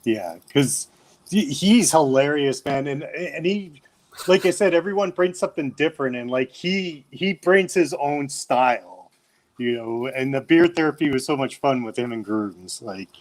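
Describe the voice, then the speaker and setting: A man co-hosting a casual podcast chat, playful and quick to laugh. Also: medium pitch. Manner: laughs easily, lively and playful. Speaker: podcast co-host.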